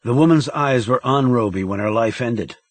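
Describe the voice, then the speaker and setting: A man reading a thriller audiobook in a measured, dramatic narration style. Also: medium pitch, dry recording.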